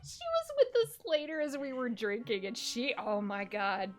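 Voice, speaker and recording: A woman chatting casually on a live stream, telling animated stories, swearing freely and laughing often. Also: a little high, normal speed, soft background music. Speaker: streamer co-host.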